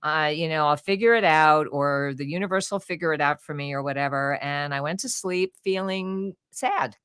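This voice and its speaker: An older woman with a low, deep-set voice talks as a podcast guest. She tells her stories expressively and acts out what people said. The sound is close and dry, with no room around it. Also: moderate pace, clear, resonant tone, no room sound. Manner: expressive, animated storytelling with acted-out quotes. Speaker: guest author and audiobook narrator. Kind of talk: conversational podcast interview.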